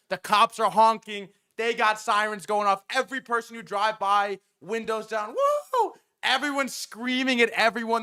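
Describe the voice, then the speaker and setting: A young man hosting a livestream, telling a story in an excited, rambling way, his voice a bit sore from screaming. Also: high-pitched. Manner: breathless, rambling, lots of "bro" and restarts. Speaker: livestream host.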